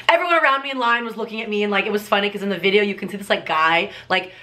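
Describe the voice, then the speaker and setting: A young woman vlogger excitedly retelling a story in a gushing, breathless way, with lots of "like" fillers. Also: medium pitch, quick pace, few pauses, slight background noise.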